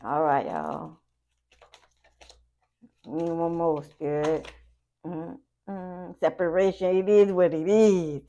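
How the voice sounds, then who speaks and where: A woman giving a casual tarot reading to her viewers, talking in a chatty, profane way with animated asides. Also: fairly low pitch, slow, long pauses, muffled recording. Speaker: tarot reader.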